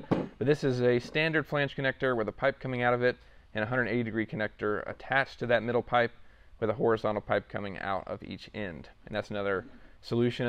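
Smooth-voiced man demoing hardware. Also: mid-range voice. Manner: relaxed, rambling with fillers. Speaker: product demo host. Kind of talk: casual product walkthrough.

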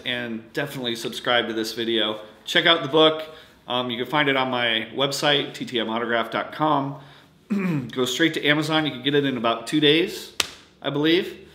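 A man chatting casually on his vlog, halting with lots of fillers, losing his voice a little. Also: mid-range voice, sharp tone, roomy sound. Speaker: autograph collecting vlogger. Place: indoors at home at night.

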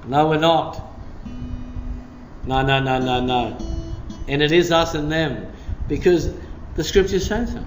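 A man's voice: on the high side, a little slow, pauses often. A male pastor preaching a sermon with blunt, impassioned emphasis in a church meeting. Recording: roomy room, faint guitar.

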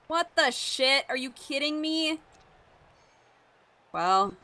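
Woman, casual gamer, slow and drawn out, lively pitch, quick "man" and "wow" reactions. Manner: drawn-out reactions, short exclamations. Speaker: opposing player. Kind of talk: casual gameplay chat.

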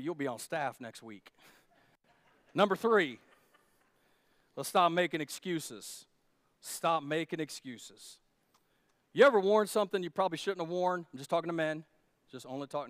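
A male pastor preaching a sermon, animated and humorous, jumping between loud emphasis and quiet asides to his congregation. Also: fairly high pitch, smooth, no echo. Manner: humorous, talks directly to the congregation.

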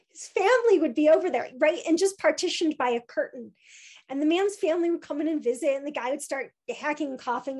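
A woman's voice: sits high, a little mellow. A woman giving a talk as an obituary writer, telling a personal story in a chatty way with many fillers and restarts.

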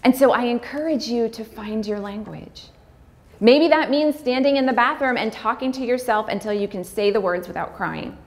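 A woman giving a personal talk, speaking candidly and heartfelt with fillers, sometimes breaking into quick, acted-out dialogue. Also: a little high. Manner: acts out dialogue in quick bursts. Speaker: speaker on pregnancy loss.

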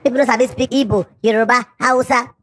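A woman's voice: on the high side, steady tone, quick pace, background noise, lightly acted. A woman doing a cheeky schoolboy. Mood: preachy. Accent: Nigerian Pidgin. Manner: boisterous, preachy.

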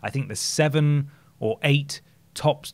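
Chatty podcast guy, enthusiastic, mid-pitched, rambles and restarts. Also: unhurried. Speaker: podcast co-host. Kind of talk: casual chat.

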